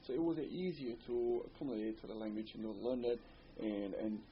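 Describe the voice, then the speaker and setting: A man with a Bosnian accent reminisces in a relaxed, rambling way, peppering his story with "you know." His voice sits in a middle pitch. The recording is a little dull, with a faint hiss underneath. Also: a little fast. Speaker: interviewee. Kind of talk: oral history interview.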